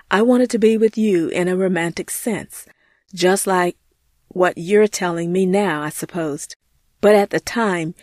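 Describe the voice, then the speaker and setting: A woman's voice: fairly low pitch, a little mellow, no echo, clean studio sound. A woman voicing an earnest, grateful churchgoing woman in an amateur audio drama, speaking heartfelt and sincere. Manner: heartfelt, earnest, often says his name.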